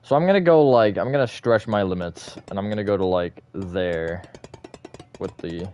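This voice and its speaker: Male streamer, lowish voice; chatty, self-correcting rambler whose delivery flips between deadpan disappointment and high energy. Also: moderate pace, clear, resonant tone, faint music behind. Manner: swings between flat, disappointed-sounding and bursts of high energy; rambling, thinks aloud with fillers and self-corrections. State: short on sleep. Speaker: livestreamer. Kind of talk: casual livestream chat while gaming.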